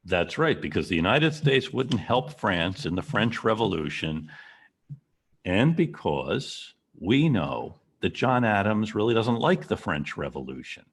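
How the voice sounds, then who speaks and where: Deep gravelly male history lecturer. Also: sing-song, unhurried. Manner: storytelling, asks the class questions. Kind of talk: classroom lecture.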